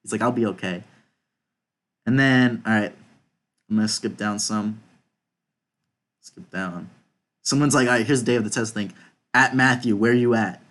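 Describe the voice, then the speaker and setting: A young man hosting a podcast reads group chat messages aloud in a loose, offhand way, dropping in casual swears. His voice is fairly low and a bit bright, moving at a moderate pace with frequent pauses.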